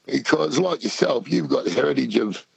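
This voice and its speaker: A man's voice: medium pitch, expressive, moderate pace, gravelly, husky, dry recording, poor audio. Australian man, radio caller, colloquial, dry sound. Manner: chatty, colloquial, says mate often. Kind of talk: radio talkback call.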